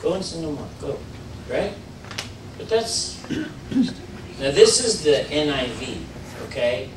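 A man giving an informal sermon in a church, talking in a conversational way with many fillers and restarts, rising into animated emphasis. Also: fairly high pitch, slow, noisy background. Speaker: preacher. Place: church sanctuary. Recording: roomy church audio, mic at a distance.

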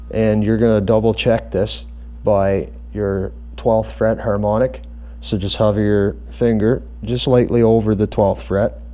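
A man explaining bass guitar adjustments step by step in a calm, methodical tutorial.

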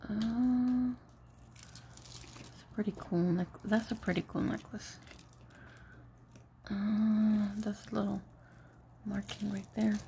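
Woman vlogger rambling slow about trinkets, kinda gravelly, drops spanish asides. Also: medium pitch, steady tone, mellow, slight background noise. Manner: chatty, murmurs remarks about each item. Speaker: jewelry vlogger. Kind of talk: casual show-and-tell commentary.

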